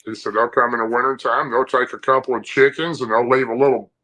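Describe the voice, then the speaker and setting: A man's voice: medium pitch, fairly even intonation, fast, sharp tone, poor audio. A man from Tennessee, telling a story casually in a rambling, vivid way with rural turns of phrase. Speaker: podcast guest telling an encounter story.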